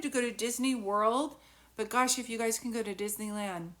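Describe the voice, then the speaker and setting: A woman's voice: a little high, brisk, a bit bright. A woman psychic medium telling a personal story on a live stream into a phone, in a chatty manner, breaking off now and then to thank viewers by name.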